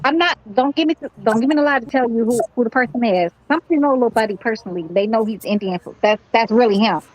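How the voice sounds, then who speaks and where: A woman's voice: on the high side, quick pace, muffled recording. A woman chatting casually on an online panel, slangy and profane. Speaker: panelist on an online boxing chat. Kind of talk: casual group chat.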